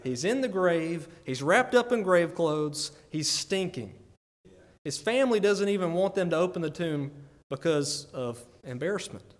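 High-voiced man preaching in a reverberant church. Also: expressive, unhurried. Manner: earnest, conversational preaching with frequent "right?" asides. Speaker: pastor. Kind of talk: sermon. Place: church sanctuary.

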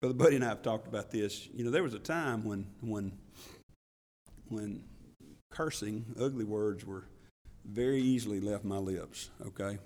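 A man pastor preaching a sermon in an animated way, with laughs and asides to the congregation. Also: on the low side, normal speed. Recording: long church reverb.

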